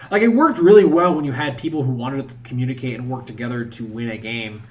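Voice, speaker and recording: A man's voice: medium pitch, a little mellow. Rambling male streamer chatting with viewers. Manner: rambling, talks to chat, laughs often. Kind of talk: casual live-stream chat.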